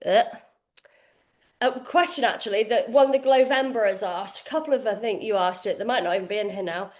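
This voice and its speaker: A woman's voice: medium pitch, a little fast, roomy sound. A woman fitness coach demonstrating exercises in her kitchen, talking casually and swearing freely while out of breath. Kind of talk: live online workout demonstration. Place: home kitchen, indoors.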